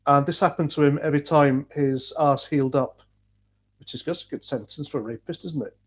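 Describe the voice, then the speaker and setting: A man's voice: fairly high pitch, brisk. A man from North Wales with a North Welsh accent, chatting casually on a livestream, blunt and rambling, swearing freely. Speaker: livestream host reading chat.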